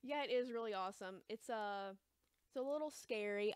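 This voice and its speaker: A young woman with an American accent chatting casually while selling comics on a livestream, hesitant and rambling, calling herself quiet and awkward. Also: mid-range voice, moderate pace, clear, resonant tone, dry recording. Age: young adult. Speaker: shop livestream seller. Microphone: close mic, chewing gum.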